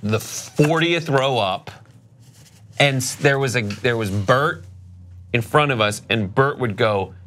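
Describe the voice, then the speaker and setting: A man's voice: mid-range voice, slow pace, fairly bright tone, slight background noise. A man co-hosting a sports show in casual banter, rambling and restarting his thoughts.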